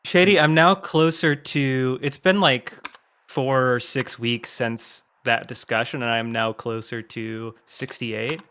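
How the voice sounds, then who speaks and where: Playing a co-op puzzle game with a friend, a man chats and jokes casually, laughing quickly. His voice is medium-pitched, steady in tone, pushed and bright.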